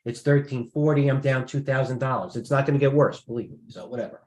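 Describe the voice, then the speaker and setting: A man's voice: medium pitch, steady tone, quick pace, darkish tone, echoey room, slight background noise. A man trading live, talking through his positions in a rambling way, restarting his sentences and thinking aloud. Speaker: trader.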